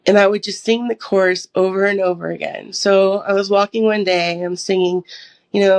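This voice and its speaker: A woman's voice: medium pitch, steady tone, normal speed. A young woman from the United States sharing a personal testimony as an interview guest, acting out her own past dialogue as she tells it. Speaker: podcast guest.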